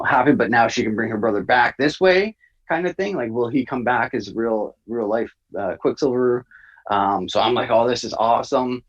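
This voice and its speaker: A man's voice: mid-range voice, breathy edge, highs cut off. Rambling man in a casual review chat. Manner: rambling, lots of fillers and restarts. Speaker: podcast co-host.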